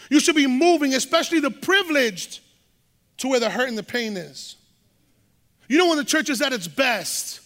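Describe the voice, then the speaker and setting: High-voiced, bright Puerto Rican pastor preaching. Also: male voice. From Puerto Rico. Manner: fast, rising to shouts, bilingual asides. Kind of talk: preaching a sermon. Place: large church hall. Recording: long church hall reverb.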